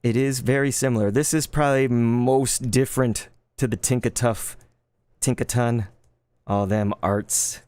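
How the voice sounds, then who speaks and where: A man in his thirties chatting casually while opening trading cards live, laid-back and quick to get excited. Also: medium pitch, clean tone, no room sound. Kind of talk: live card-opening stream chat.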